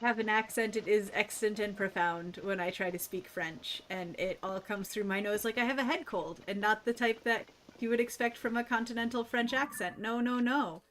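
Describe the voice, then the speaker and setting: A woman's voice: mid-range voice, moderate pace, hardly any pauses, a bit bright, slight background noise. A woman streamer chatting casually and rambling while she plays a game, laughing often. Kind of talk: casual chat while gaming.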